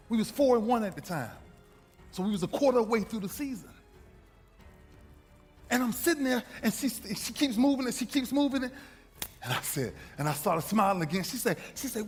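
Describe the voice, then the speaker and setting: A man, a former football player, telling a story in an impassioned motivational speech, swinging from shouts to hushed near-whispers in a husky voice. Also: high-pitched, animated, normal speed, long pauses. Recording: echoey hall with music underneath.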